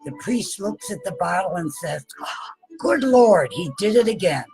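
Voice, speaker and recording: A woman, the host's mother, reading a joke aloud in a steady, plain way with small chuckles. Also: lowish voice, normal speed, gravelly, rough recording. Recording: loud music in the background.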